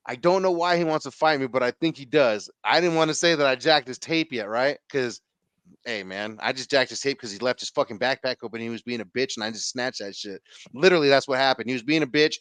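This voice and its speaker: A man's voice: medium pitch, dry recording. A man casually telling a rowdy story as a podcast guest, slangy and profane, acting out the quotes. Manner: slangy, profane, animated retelling with acted quotes.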